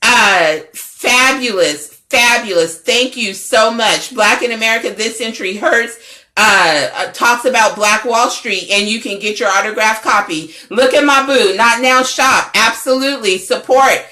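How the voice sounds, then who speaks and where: A woman's voice: on the high side, unhurried, pushed and bright. A middle-aged woman, a network founder and coach, giving a fervent, preachy livestream pep talk that repeats its phrases. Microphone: phone or webcam livestream.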